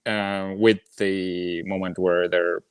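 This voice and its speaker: A man's voice: sits low, flat delivery, takes it slowly, smooth, no room sound. A man co-hosting a casual movie podcast, talking in a hesitant, slightly nervous way with many fillers. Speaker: podcast co-host.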